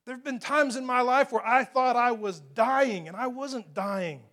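A man's voice: extremely high pitch, unhurried, fairly bright tone. A man preaching a sermon into a microphone, talking in a conversational, emphatic way and putting questions to his listeners. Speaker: pastor.

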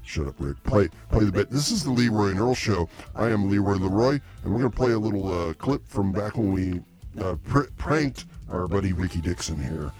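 A very low-pitched man hosting a comedy show with blunt, gruff banter. He snaps at his co-worker and sounds easily irritated. Music plays clearly behind him. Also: lively intonation, normal speed, a little mellow.

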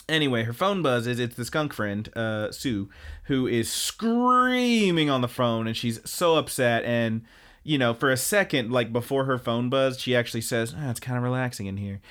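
A male podcast co-host recaps an anime in casual chat, rambling, profane and animated as he tells the story. His voice is mid-range and a little slow.

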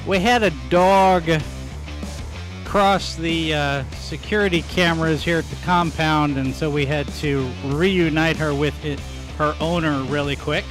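A man's voice: a little high, fairly even intonation, unhurried, music in the background. Rambling, emphatic male live-show host. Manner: rambling, with emphatic repetition and many fillers. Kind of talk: casual live-stream commentary.

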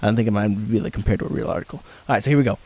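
A man's voice: lowish voice, very fast, darkish tone, husky. A young man hosting a casual podcast, rambling with restarts and laughing often. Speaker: podcast host.

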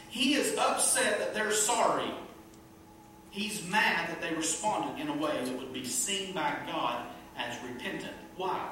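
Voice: medium pitch, bright, forceful tone. A pastor preaching a sermon to a small congregation in an emphatic way, with rhetorical questions and playful asides. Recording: very echoey room, distant mic, faint noise.

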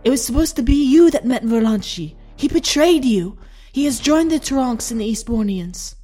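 A man voicing a grief-stricken young princess with high, wailing, tearful cries. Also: expressive, normal speed, dark tone. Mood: pleading.

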